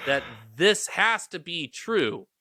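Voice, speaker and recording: Bright-voiced man rambling on a podcast. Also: high-pitched, sing-song, no echo, studio quality. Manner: rambling, halting, full of fillers and laughs. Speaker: podcast co-host. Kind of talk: casual chat.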